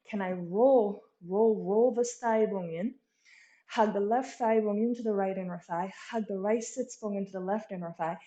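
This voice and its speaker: A woman's voice: mid-range voice, mellow. Roomy-sounding woman guiding yoga. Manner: encouraging, frequent "okay?" check-ins. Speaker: yoga teacher. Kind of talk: guided yoga instruction. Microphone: earbud mic. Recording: roomy echo.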